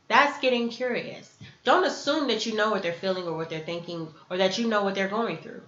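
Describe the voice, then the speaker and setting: A woman's voice: medium pitch, a little fast, pushed and bright, slight background noise. Earnest woman teaching in an echoey room. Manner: earnest, acts out sample dialogues. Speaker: self-help video host. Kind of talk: teaching talk to camera. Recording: echoey room, dull lo-fi sound.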